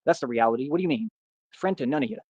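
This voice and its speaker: A man's voice: mid-range voice, lively intonation, very fast, darkish tone, highs cut off. A man livestreaming and answering his chat in a boastful, combative rant. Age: adult. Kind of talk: ranting live stream.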